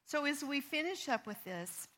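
A woman's voice: high voice, lively intonation, moderate pace, fairly bright tone, slight background noise. A woman giving an earnest, conversational Bible teaching, reading verses aloud with emphasis. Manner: reads scripture aloud with emphasis; earnest and conversational, with small restarts. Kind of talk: teaching on forgiveness.

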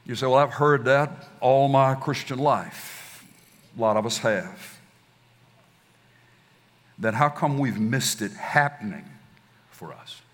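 A man preaching a sermon as pastor, leading his congregation in call and response with slow, emphatic recitation. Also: mid-range voice. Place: church sanctuary. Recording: distant hall reverb, faint ambience.

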